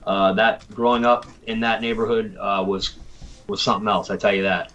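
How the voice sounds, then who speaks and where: A man's voice: on the low side, little pitch movement, normal speed, a bit bright, dull audio. A man from Tennessee hosting a casual livestream show, talking in an easygoing way, full of fillers and repeated words. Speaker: podcast host.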